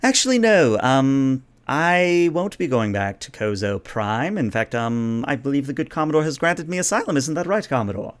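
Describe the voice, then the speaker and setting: Brief: a poised, mocking young alien princess, lilting and raised in pitch, played by a man, for a tabletop game. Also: lively intonation, moderate pace, few pauses, smooth, close to an everyday voice. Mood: smug.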